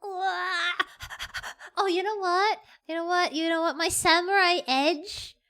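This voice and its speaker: A streamer in casual live-stream chat at a desk microphone, giggly and excitable, breaking into squeals. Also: very high-pitched, normal speed.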